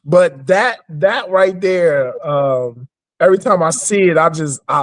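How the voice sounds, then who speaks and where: High-voiced man, halting and laughing. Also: expressive, no echo, clean studio sound. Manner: halting, repeats himself, laughs often. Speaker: actor guest. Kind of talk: casual interview chat.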